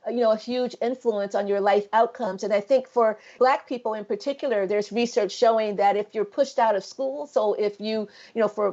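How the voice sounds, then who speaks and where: A woman's voice: medium pitch, mellow, muffled recording. A middle-aged woman researcher in a conversational interview, speaking thoughtfully with many fillers and restarts.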